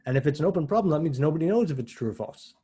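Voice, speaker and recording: Mellow, husky-voiced male math lecturer. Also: a little high, lively intonation, rapid-fire. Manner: conversational, self-correcting, explains step by step. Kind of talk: university lecture.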